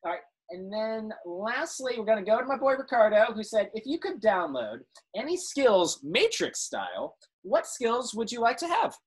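A man's voice: high-pitched, sing-song, moderate pace, few pauses, husky. A man hosting a live show, upbeat and playful while chatting with a guest. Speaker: host.

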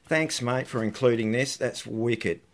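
A man's voice: mid-range voice, unhurried, a little hiss or hum. A man chatting casually while unboxing parcels for his vlog, muttering asides to himself between remarks. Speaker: electronics hobbyist vlogger.

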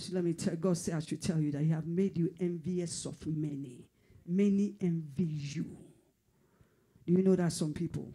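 A fervent male pastor delivers a prophetic sermon in a dark, husky tone, his pitch sitting somewhat high for a man. He repeats phrases for emphasis and sometimes drops to a whisper.

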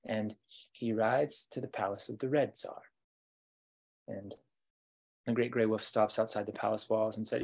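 A man telling a fairytale as a storytelling guide, slow with dramatic pauses, over a video call. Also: fairly low pitch, steady tone, vocal fry, darkish tone.

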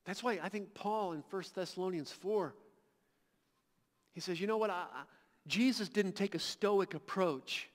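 A man preaching a sermon as pastor, impassioned and emphatic, building to loud peaks and often repeating words as he restarts. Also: high voice, unhurried. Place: large church hall. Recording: long reverb of a church hall.

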